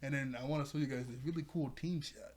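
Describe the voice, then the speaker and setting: A man's voice: medium pitch, steady tone, fast, darkish tone, a little hiss or hum. A man reviewing a cartoon episode in a casual, rambling video chat, laughing often as he talks.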